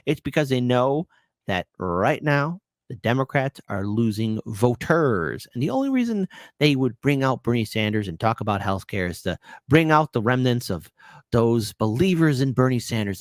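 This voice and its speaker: A man's voice: medium pitch, big pitch swings, normal speed, no room sound, studio quality. A man hosting political commentary, ranting in a sarcastic, heated, exclamatory way.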